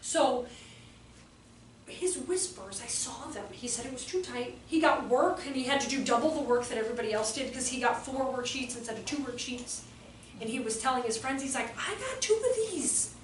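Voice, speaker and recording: High-voiced woman telling classroom stories. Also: fairly quick. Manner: animated, acts out children's voices with laughter. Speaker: educator giving a talk. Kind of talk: storytelling presentation to an audience. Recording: echoey room, far from the mic, faint noise.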